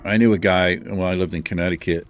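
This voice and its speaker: Low-voiced guy rambling on while he plays a game, easygoing storytelling. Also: fairly even intonation, fast talker. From Virginia. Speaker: gaming channel host. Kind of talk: casual chat while playing a game.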